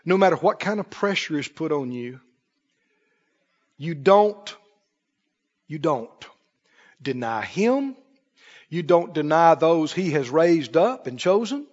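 A man preaching a sermon, emphatic and rising to shouts, drawing call-and-response from his congregation, recorded in an echoey church on a dull recording. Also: on the high side. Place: church sanctuary.

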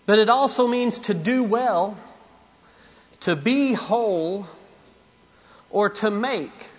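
A man's voice: high-pitched, muffled recording. A man preaching a sermon, emphatic and repetitive, with asides to the congregation. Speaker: pastor.

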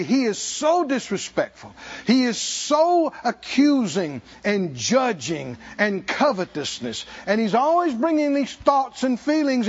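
A pastor preaching a sermon, telling the story with animated acted-out dialogue and swinging from loud to hushed. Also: male voice, extremely high pitch, dull audio.

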